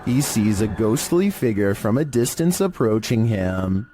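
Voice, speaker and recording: Monotone man narrating creepy clips. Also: fairly low pitch, slight background noise. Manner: monotone, measured. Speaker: YouTube horror countdown narrator. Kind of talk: scripted narration.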